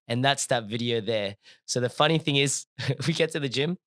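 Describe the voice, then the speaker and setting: A young adult man, a podcast co-host telling a story in casual, slangy chat, animated and laughing as he goes. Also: mid-range voice, moderate pace, dry recording, studio quality.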